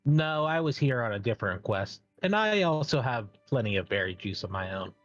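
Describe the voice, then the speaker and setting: A man plays his character in a tabletop game, flat and matter-of-fact. His mic sounds dull and lo-fi, with faint music underneath. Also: medium pitch, fairly quick, no echo. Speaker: player.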